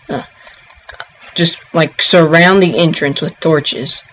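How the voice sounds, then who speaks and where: A man giving a casual gameplay tutorial, rambling and halting, with frequent ums and restarts. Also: fairly high pitch, fairly even intonation, a bit bright. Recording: dull lo-fi home recording.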